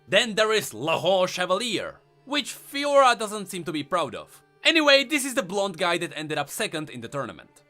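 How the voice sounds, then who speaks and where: A man with a Czech accent narrates game lore in a high, bright voice that swings widely in pitch. He reads quotes with dramatic dips, and faint music plays underneath. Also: wildly swooping pitch, normal speed, hardly any pauses. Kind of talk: scripted narration.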